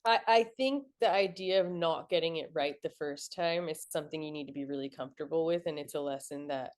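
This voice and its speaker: A woman's voice: low-pitched, fairly quick. A young woman entrepreneur talking through lessons in a casual interview, reflective and peppered with "like". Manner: reflective, frequent "like" fillers. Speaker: entrepreneur guest.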